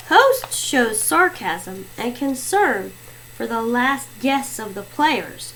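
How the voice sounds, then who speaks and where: A woman's voice: fairly high pitch, animated, slow pace, fairly bright tone, low-quality recording. A woman teacher giving reading fluency tips in an instructive way.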